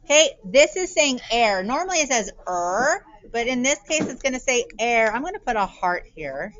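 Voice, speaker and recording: A woman teaching a spelling lesson to young children, sounding out letters and words slowly and clearly. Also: on the high side, very animated, a bit bright, slight background noise. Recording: dull lo-fi recording.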